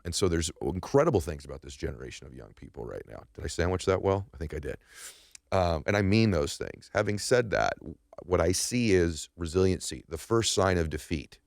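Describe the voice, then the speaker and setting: Male podcast host; extremely low voice; reflective, self-aware questioner; dry sound. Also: no echo. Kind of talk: podcast interview.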